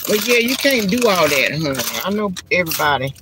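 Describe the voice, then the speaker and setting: A woman's voice: lowish voice, sing-song, a little fast, noisy background. A woman hosting a casual live stream from inside her car, chatting in a folksy way to viewers on a handheld phone. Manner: chatty and folksy, calls viewers girl and honey. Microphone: handheld phone camera.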